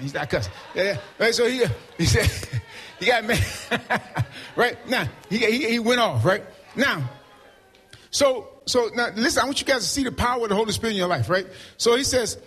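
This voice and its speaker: Man, pastor, high voice, husky, call-and-response sermon, swings loud and soft. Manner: call-and-response, keeps asking "right?". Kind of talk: preaching a sermon.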